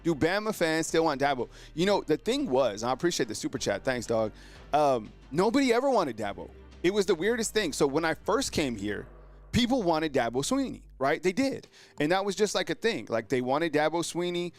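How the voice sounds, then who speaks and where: A man hosting a live sports stream in a slangy, casual way, his voice sitting a bit high and leaping around as he gets excited. He keeps calling out to his viewers and piling on fillers. Faint music plays underneath. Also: normal speed. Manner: animated, exclaims and addresses viewers as fam; slangy, filler-heavy delivery. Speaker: sports show host.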